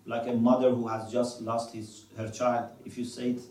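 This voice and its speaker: A man's voice: medium pitch, level tone, normal speed, darkish tone, echoey room, far from the mic, poor audio. A man teaching a religious class, quoting scripture in Arabic and asking his students questions. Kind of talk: classroom lecture.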